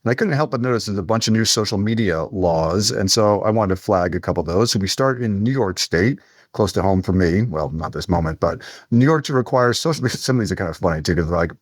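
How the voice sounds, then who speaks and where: A male podcast co-host with a lowish voice, talking in easy casual chat and laughing often. The sound is dry and close. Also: lively intonation, fast talker, no echo.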